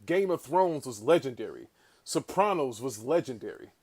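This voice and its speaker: A man hosting a casual livestream, talking in an animated way, swearing and calling out viewers in the chat. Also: mid-range voice, moderate pace, breathy edge. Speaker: livestream host.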